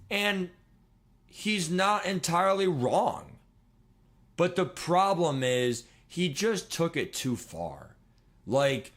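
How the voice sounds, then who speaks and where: A man in his twenties chatting casually on a livestream, rambling and excitable, swearing and laughing as he talks. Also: mid-range voice. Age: 20s. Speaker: streamer.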